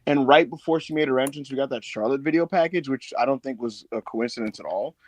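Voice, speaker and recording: A man hosting a casual podcast chat, swearing freely and breaking into loud mocking impressions. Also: mid-range voice, quick pace, no room sound. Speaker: podcast host.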